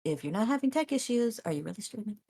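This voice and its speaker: A woman guest on a podcast, telling stories about streaming in a casual, animated way, acting out her own reactions and laughing often. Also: on the high side, fast, gravelly, husky. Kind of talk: casual interview chat.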